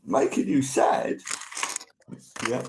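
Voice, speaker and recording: A man's voice: takes it slowly, background noise. A man hosting a casual live stream, chatting to viewers and thanking them by name as they join.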